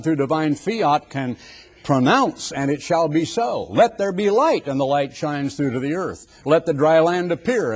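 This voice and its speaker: An older man preaching a dramatic sermon, building forceful rhetorical lists. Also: medium pitch, slightly rough.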